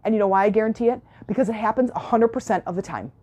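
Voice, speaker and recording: A woman's voice: on the high side, very fast, mellow. A woman hosting a spiritual self-help podcast, talking earnestly and repeating key phrases, sometimes acting out what her clients say. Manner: earnest, repetitive, voices imagined clients. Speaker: podcast host and spiritual coach. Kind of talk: motivational self-help talk.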